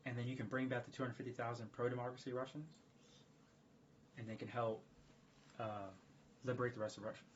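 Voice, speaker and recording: A man talking casually on a livestream in a rambling, profane, excitable way. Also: medium pitch, a little fast, pauses often, slight background noise. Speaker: streamer. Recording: dull lo-fi stream audio.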